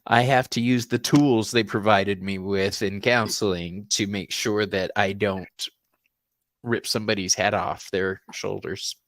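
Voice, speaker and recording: A man hosting a tarot reading interview on a live stream, effusive and animated, laughing often. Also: fairly low pitch, measured pace, dry recording. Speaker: tarot reader and host.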